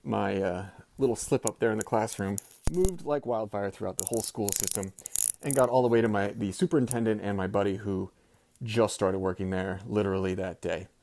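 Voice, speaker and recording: Brief: a man in his thirties, low voice, tells a story with lively acted-out quotes. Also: a little fast, vocal fry, slight background noise. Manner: animated, swears, acts out quotes. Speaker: former teacher sending in a story. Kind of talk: casual storytelling.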